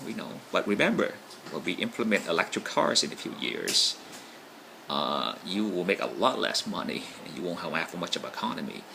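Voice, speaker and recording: A man's voice: sits low, vocal fry, bright, forceful tone, a little hiss or hum, rough recording. A man talking casually to camera in a rambling monologue, often checking in with "right?". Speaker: vlogger.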